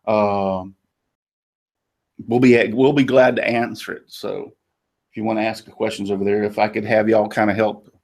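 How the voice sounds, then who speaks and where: A man's voice: mid-range voice, darkish tone. A man from Florida with a Southern drawl, hosting a casual panel chat in a folksy, chatty way. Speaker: host.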